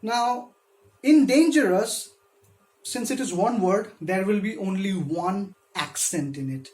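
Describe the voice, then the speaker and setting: A man's voice: high voice, takes it slowly, a little mellow. A man who gives a literature lecture, patiently explaining step by step and stressing syllables when he demonstrates them. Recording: echoey room.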